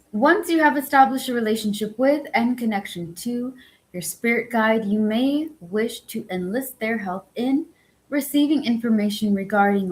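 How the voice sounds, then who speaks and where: A woman with a squeaky voice, worn from a full day of talking. She reads a spiritual book aloud at a middle pitch and breaks off for loose, profane asides. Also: rough recording. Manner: swears freely and chats between passages. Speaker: book-reading channel host. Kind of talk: reading a book aloud with casual commentary.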